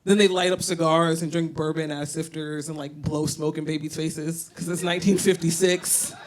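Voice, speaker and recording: A woman's voice: low-pitched, little pitch movement, moderate pace. A woman tells stories through a stand-up set, brash and profane. She works a handheld mic on a small bar stage. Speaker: stand-up comedian. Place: comedy bar stage, indoors.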